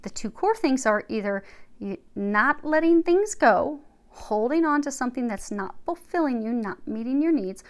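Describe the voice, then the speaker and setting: A woman, a spiritual healer, talking casually and animatedly before reading aloud from a book, with soft murmured asides. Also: fairly high pitch, animated, normal speed.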